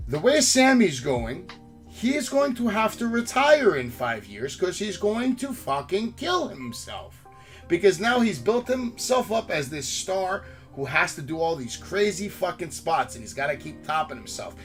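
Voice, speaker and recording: A brash man hosts a casual wrestling podcast, heated and swearing constantly. His voice sits a little high for a man. Soft music plays faintly behind him. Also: big pitch swings, unhurried. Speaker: podcast host. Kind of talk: casual profane wrestling talk.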